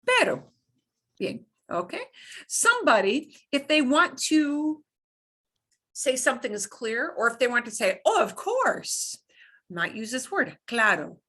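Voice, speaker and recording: Woman language teacher, bright tone, patient repeat-after-me drills. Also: on the high side, expressive. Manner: demonstrates sounds by slow repetition, playful. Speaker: Spanish teacher. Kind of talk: beginner language lesson.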